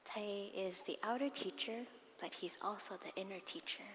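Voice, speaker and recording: A woman's voice: mid-range voice, moderate pace, slight background noise. Woman nun giving a dharma talk, echoing hall. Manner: expressive storyteller, soft breathy asides. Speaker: Buddhist nun and dharma teacher. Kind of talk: dharma talk with personal storytelling. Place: monastery meditation hall. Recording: long hall reverb with faint ambience.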